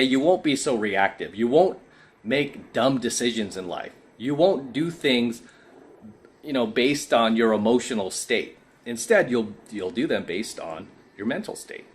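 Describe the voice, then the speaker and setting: A man delivers a casual coaching monologue to his viewers. He is emphatic and preachy and keeps tacking "right?" onto his points. He sounds worn out from too little sleep, and his voice sits a little low. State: tired from lack of sleep. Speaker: men's coaching YouTuber.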